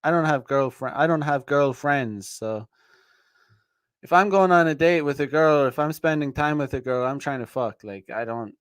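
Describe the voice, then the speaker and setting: A man's voice: on the high side, normal speed, clear, resonant tone, no room sound, clean studio sound. A man hosting a podcast, talking in a blunt, profane, rambling way with many restarts and fillers. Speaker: podcast host. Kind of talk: casual livestream monologue.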